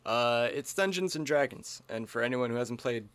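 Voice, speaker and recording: A man co-hosts a comedy podcast in loose, joking chat, riffing off his partner and talking over him. His voice sits at an ordinary middle pitch. The sound is close and dry, with no room around it. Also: animated, moderate pace, a bit bright, no echo. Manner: joking, riffs and talks over his co-host. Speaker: podcast co-host.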